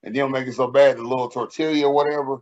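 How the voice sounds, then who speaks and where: Profane, animated man telling stories. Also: medium pitch, fast talker, highs cut off. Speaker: podcast co-host. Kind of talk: casual podcast banter.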